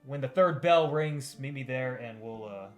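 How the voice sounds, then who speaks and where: A man voicing a quiet farmer father, hesitant, stammering, terse. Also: medium pitch, normal speed, soft background music, close to an everyday voice.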